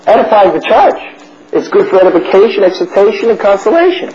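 A man with a high voice teaches through a Bible chapter in sermon style. He is blunt and fires questions at his listeners, then answers them himself. The recording is a little muffled, with a faint hiss underneath. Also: sing-song, fairly quick, darkish tone. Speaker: preacher teaching a Bible study.

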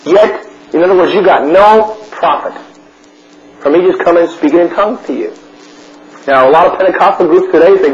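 A man with a high voice teaches through a Bible chapter in sermon style. He is blunt and fires questions at his listeners, then answers them himself. The recording is a little muffled, with a faint hiss underneath. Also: fairly quick, long pauses. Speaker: preacher teaching a Bible study.

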